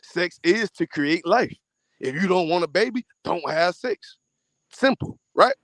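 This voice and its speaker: High-voiced man preaching casually, dry sound. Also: expressive, a little slow, no room sound. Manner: profane, emphatic preaching about faith. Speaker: podcast host. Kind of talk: casual chat.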